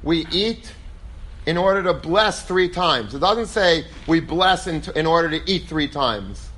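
A man teaching a Torah class as a rabbi, telling stories in a lively way and acting out quoted voices. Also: on the high side, a little slow. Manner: animated, acts out quoted voices; lively storytelling, peppered with Hebrew and Yiddish terms.

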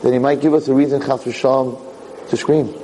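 A man's voice: mid-range voice, brisk, slight background noise, low-quality recording. An older man giving an informal Torah class, telling stories and asking rhetorical questions. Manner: animated storytelling with rhetorical questions. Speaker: Torah teacher.

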